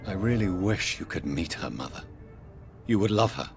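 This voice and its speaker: A deep, sorrowful young vampire from a game, quiet and restrained, yet his pitch rises and falls widely. The sound is dull and lo-fi, with faint music behind. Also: expressive, moderate pace, creaky. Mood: mournful. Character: young vampire son, sad and gentle. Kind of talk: game voice acting.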